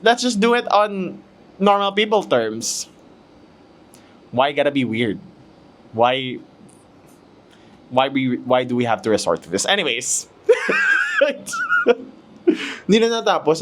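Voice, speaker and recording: A man's voice: medium pitch, animated, normal speed, long pauses. A Filipino man hosting his own podcast, chatting casually and mocking himself while fumbling retakes, hot and sweaty in a room at home. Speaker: podcast host. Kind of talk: casual chat mixing English and Tagalog.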